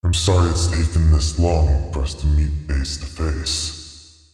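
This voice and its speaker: An actor playing a huge, tick-like male dark god in a horror audio drama, sarcastic and petulant like an internet troll. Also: extremely low pitch, fairly even intonation, a little slow, faint music behind. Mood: mocking. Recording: echoey hall reverb.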